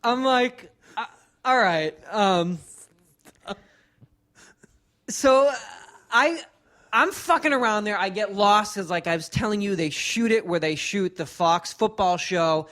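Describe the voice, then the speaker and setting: A man's voice: high-pitched, a little slow, pushed and bright. A man co-hosting a podcast, telling a rambling, casual story with many fillers and restarts. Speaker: podcast co-host.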